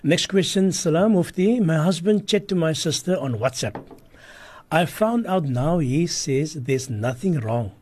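A man presents a radio advice show and briskly reads out listener messages. His voice is slightly husky and a bit higher than average. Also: animated, darkish tone. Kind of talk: radio call-in hosting.

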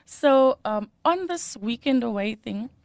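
A woman's voice: fairly high pitch, lively intonation, measured pace, creaky, no room sound. A woman giving a personal testimony as an interview guest, laughing often and turning emotional.

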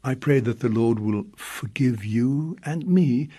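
A man, a priest, giving a reflective homily with long pauses and drawn-out emphasis. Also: mid-range voice, mellow, slightly rough.

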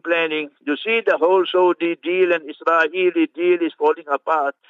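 A man with a fairly high voice delivers a fervent, scornful commentary on a Friday sermon, weaving in rapid Arabic recitations. The sound is dull and muffled, like a radio broadcast, and dry with no room around it. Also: fairly bright tone, no echo. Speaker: religious scholar commenting on a sermon.

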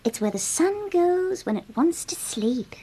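Curious chirpy starling for a kids' story, woman voicing it, very high and lively. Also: measured pace, exaggerated voice. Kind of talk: children's audio story acting.

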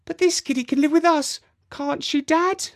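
A man voicing an eager little girl in a storybook, who pleads excitedly in a very high voice. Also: moderate pace. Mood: pleading.

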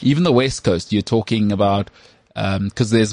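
A man from South Africa with a South African accent, co-hosting a casual podcast chat in an animated, opinionated way. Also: lowish voice, normal speed, no echo. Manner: animated, opinionated, repeats words when starting. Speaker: podcast co-host.

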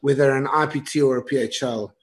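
A man's voice: medium pitch, fairly even intonation, a little fast. Hesitant, conversational male interviewer. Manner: conversational, hesitant, fills with "look" and "uh". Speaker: interviewer, host.

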